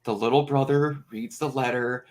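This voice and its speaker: A man hosting a casual film review chat, talking in an excitable, emotional way and swearing freely. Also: medium pitch, moderate pace. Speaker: host.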